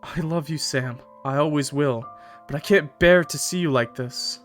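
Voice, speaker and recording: A grieving widow, read aloud by a man speaks in a quiet, hushed way. She is sorrowful but firm. Soft game music lies beneath. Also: a little high, moderate pace, natural voice. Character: grieving widow, adult woman, tearful and firm.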